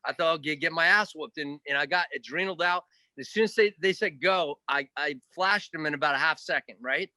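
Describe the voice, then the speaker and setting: A man's voice: a little high, fairly quick, no room sound. A man telling a long story in a casual interview, rambling, swearing now and then and acting out what others said. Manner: animated, rambling, swears, acts out quotes. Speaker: guest actor.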